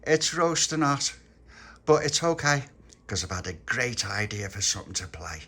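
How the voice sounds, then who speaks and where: A man's voice: very animated, normal speed, pushed and bright, husky, full character voice. A man voicing a bossy, eager little girl who wants to play queen in a told story. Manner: high, eager, insistent.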